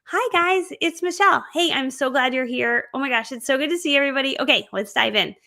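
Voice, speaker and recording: A gushing, sugary-sweet vlogger greeting, pitched high and rattled off quickly, as a woman mocks her own old fake voice. It sounds overly nice and forced. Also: gravelly, sharp tone, full character voice.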